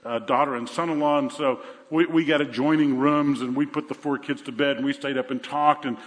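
An older man preaching a sermon, telling a Bible story with animated energy and acting out the voices. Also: mid-range voice, a little fast. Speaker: pastor. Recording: echoey hall.

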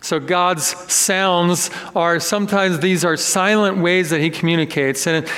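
A man preaching a sermon as pastor, telling a personal story in an animated, self-deprecating way. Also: sits high, unhurried. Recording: long echoey reverb of a hall.

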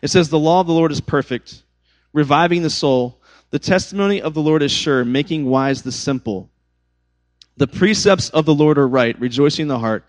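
A man's voice: fairly high pitch, moderate pace. Male pastor, thirties, conversational sermon delivery, light upper register. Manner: conversational, animated storytelling with asides.

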